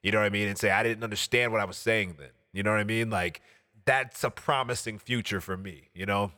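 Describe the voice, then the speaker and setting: A man's voice: lowish voice, brisk, sharp tone, in a large hall. A man talking earnestly and at length in a casual podcast chat, heartfelt and rambling. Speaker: podcast co-host.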